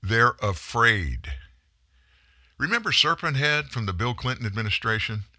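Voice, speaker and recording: A man's voice: medium pitch, animated, fast talker, bright, forceful tone, no room sound, studio quality. A man giving a political commentary monologue, emphatic and sarcastic, full of rhetorical questions.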